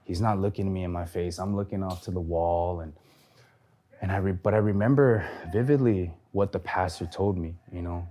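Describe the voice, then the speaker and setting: A man's voice: low voice, fairly even intonation, moderate pace, dark tone. A man giving an earnest personal testimony, acting out the voices in his story as he tells it. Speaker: testimony speaker.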